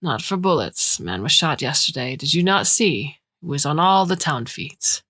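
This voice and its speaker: A woman voicing a grizzled, burly male security guard with an Afrikaner accent who gives curt, gruff warnings. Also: low-pitched, lively intonation, normal speed, a bit bright, dry recording, heavily acted. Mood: stern.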